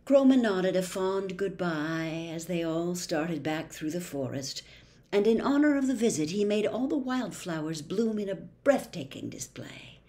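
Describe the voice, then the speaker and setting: A woman reading a children's novel aloud as narrator, expressive and unhurried. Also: on the low side. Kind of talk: storybook read-aloud.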